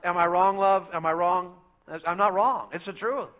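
A middle-aged man, preaching a sermon in a folksy storytelling way that swings between loud and soft. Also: high-pitched, normal speed. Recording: phone-like narrow sound.

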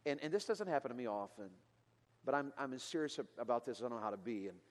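A man's voice: mid-range voice, lively intonation, quick pace. Man, preacher, sermon storytelling, earnest, long hall reverb. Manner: earnest, building to loud emotional peaks then dropping quiet.

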